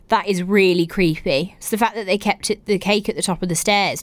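A woman's voice: medium pitch, fairly even intonation, a little fast, hardly any pauses, no room sound. A young woman from England hosting a casual podcast, reading out listeners' stories and reacting with exaggerated, giggly comments. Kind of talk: casual chat.

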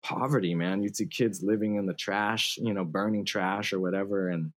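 Man, thirties, low voice, guest in a casual interview, laughs often, slangy. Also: steady tone, normal speed. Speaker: guest musician.

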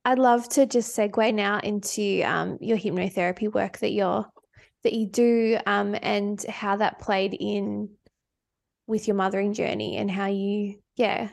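A woman's voice: medium pitch, fairly even intonation, unhurried, vocal fry. A woman on a podcast speaking earnestly and reflectively in casual conversation, with some fillers.

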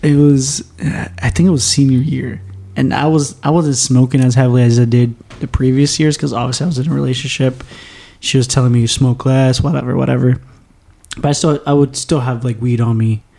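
Hombre joven con voz grave y rasposa. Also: male voice, mid-range voice, fairly even intonation, fairly quick, warm tone. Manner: rambling, profane, laughs often. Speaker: podcast host. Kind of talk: casual storytelling chat. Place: small home studio.

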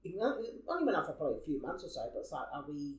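A man's voice: fairly high pitch, very animated, racing. A young Australian man telling a long personal story in a casual podcast chat, rambling and swearing freely. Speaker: podcast co-host. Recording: echoey room.

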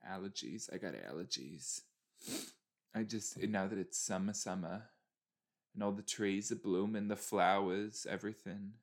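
A man in his early twenties with a lowish voice and a measured pace hosts a show reaction, chatting casually about a TV episode. He gets exasperated and talks back at the screen.

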